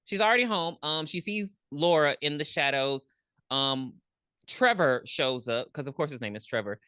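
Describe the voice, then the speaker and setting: A woman co-hosting a podcast, recapping a movie in blunt, profane, animated casual chat. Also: sits low, normal speed, no echo, studio quality. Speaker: podcast co-host.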